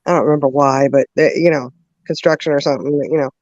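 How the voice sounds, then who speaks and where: This host has a deep voice and recorded with no echo, giving a dull, dry, lo-fi sound. She's telling a long story in a relaxed chat, laughing a lot, drawing things out, and leaning heavily on fillers in a lively way.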